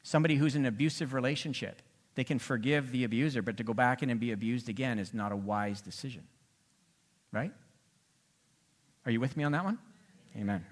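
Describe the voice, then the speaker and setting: A male pastor delivers a sermon in an expressive preaching style. His voice sits in a middle register. He leans hard into key lines, then drops to near-quiet asides. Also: mid-range voice. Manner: expressive preaching, voice swinging from loud to soft.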